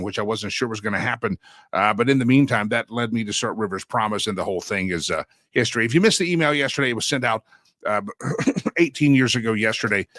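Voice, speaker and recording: A man's voice: mid-range voice, sharp tone, no room sound. A man hosting a talk show, chatting casually in a folksy manner and breaking into a sing-song catchphrase. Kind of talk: casual monologue.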